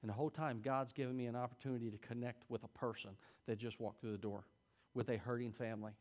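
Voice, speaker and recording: A middle-aged man teaching a Sunday school class, preaching in a folksy, conversational way with sudden loud peaks. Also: mid-range voice, steady tone, fast. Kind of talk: sermon.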